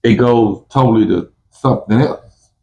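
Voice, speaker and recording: A man's voice: medium pitch, moderate pace, warm tone, a little hiss or hum, rough recording. A man telling prison stories in casual talk, full of street slang and restarts, who acts out both sides of a fight in a raised voice. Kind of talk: casual storytelling.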